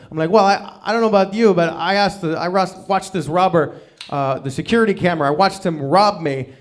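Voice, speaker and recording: Halting, self-deprecating man doing stand-up. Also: high-pitched. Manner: halting, self-deprecating, many ums and restarts. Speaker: stand-up comic. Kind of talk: open mic stand-up set. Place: small live comedy venue.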